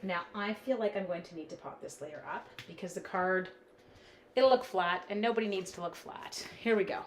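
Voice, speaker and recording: A Canadian woman demonstrates crafts live for her viewers, chatting in a scattered, casual way. She has a mid-range voice and a moderate pace, and the room sounds roomy with a faint hum.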